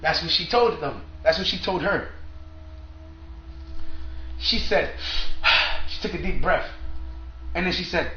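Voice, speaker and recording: A man's voice: high-pitched, animated, takes it slowly, pauses often, a little hiss or hum. A man talking straight to viewers in a rambling monologue, agitated and profane, in long run-on stretches. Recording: echoey room, dull lo-fi sound.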